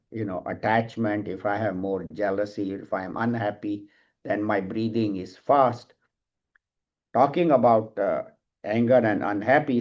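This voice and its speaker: A middle-aged man giving a calm, explanatory scripture class and now and then telling a light joke. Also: lowish voice. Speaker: spiritual teacher. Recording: dull lo-fi sound.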